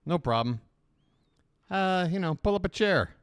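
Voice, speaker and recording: A man's voice: high voice, animated, measured pace, clean tone, dry recording, clean studio sound. Chatty man with a slight lisp. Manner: joking, chatty, self-conscious asides. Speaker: host of a live reaction stream. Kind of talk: casual live commentary.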